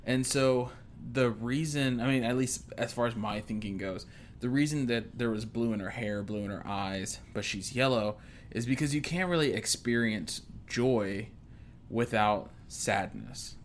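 A man's voice: mid-range voice, measured pace, a little hiss or hum. A man in casual conversation, explaining a film's ideas hesitantly and searching for words. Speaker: co-host discussing a film. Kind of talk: casual chat.

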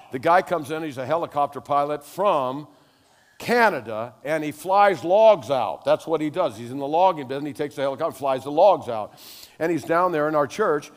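An older male pastor preaches with lively stories and sudden loud exclamations. His voice sits fairly high for a man, and it rings with the long reverb of a large hall. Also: normal speed. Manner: animated storytelling, rising to loud exclamations. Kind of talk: sermon with personal stories.

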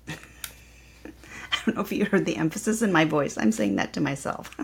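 A woman yoga teacher hosting her podcast, guiding listeners through affirmations and repeating each one slowly and calmly. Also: low-pitched, gravelly, slightly rough. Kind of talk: guided reflection and affirmations.

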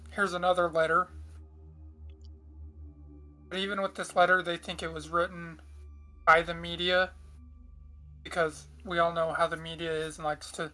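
A woman's voice: on the low side, flat delivery, a little slow, pauses often, pushed and bright, soft background music. A woman casually hosting a true-crime podcast, chatty with frequent asides. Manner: chatty, reads aloud with frequent asides and throat clearing. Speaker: podcast host.

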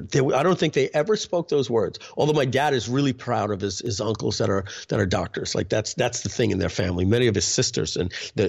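Middle-aged man, interview guest, mid-pitched voice, rambling restarts, throat clearing. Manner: halting, many restarts and frequent throat clearing. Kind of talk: candid conversational storytelling.

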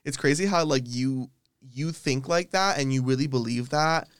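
A man's voice: medium pitch, moderate pace, clear, resonant tone, no room sound. A young man co-hosting a podcast, teasing his friend bluntly in a casual chat. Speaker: podcast co-host.

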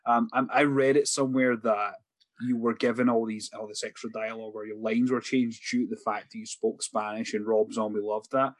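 A man's voice: fairly low pitch, level tone, a little fast, dry recording. A man interviewing a guest in casual chat, enthusiastic, with repeated words and fillers. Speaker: podcast interviewer.

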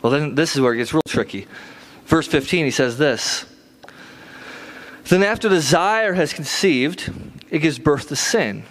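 A man preaching a conversational sermon, his voice sitting a little higher than most men's. He talks plainly and punchily, repeating short phrases for emphasis. He keeps checking in with listeners with a quick "right?". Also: animated, fairly bright tone, rough recording. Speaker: pastor.

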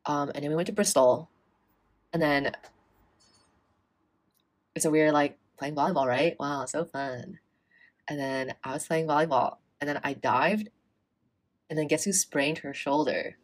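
A young woman with a low voice tells a story in casual chat. She is animated, swears freely and acts out the quoted exchanges. Her delivery is chatty and expressive. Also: measured pace, long pauses. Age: young adult.

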